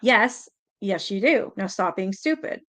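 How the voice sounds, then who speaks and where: A woman's voice: mid-range voice, animated, a little slow, a bit bright. A woman reading the lines of an angry, bullying middle-aged father, voicing him harshly and threateningly. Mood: scornful.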